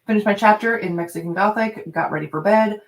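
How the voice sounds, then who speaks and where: A woman hosting a writing livestream, chatting casually as she reads out viewers' progress updates. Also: quick pace. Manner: animated, acts out quoted people with big pitch jumps.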